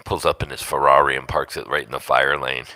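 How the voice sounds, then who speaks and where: A man's voice: a bass voice, flat delivery, fairly quick, noisy background. A middle-aged man hosting a casual livestream from home, telling rambling, profane stories and laughing often. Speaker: livestream host.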